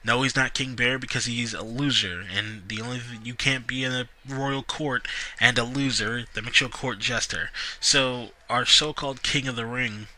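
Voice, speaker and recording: A man's voice: medium pitch, steady tone, moderate pace, sharp tone, a little hiss or hum, rough recording. A young man with a dry, sore throat reviews a wrestling show in a casual, sardonic, dismissive rant. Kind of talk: casual solo review vlog.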